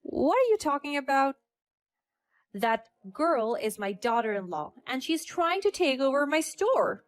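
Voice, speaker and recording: A woman's voice: high-pitched, sing-song, unhurried, no room sound, voice pushed up. A woman voicing a scheming mother-in-law who pleads and begs in a narrated story. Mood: indignant.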